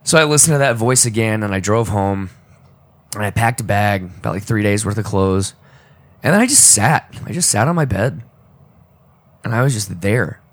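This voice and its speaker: Man, low voice, halting emotional storytelling, choked up, casual podcast talk. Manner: emotional, halting, with many restarts. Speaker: podcast co-host.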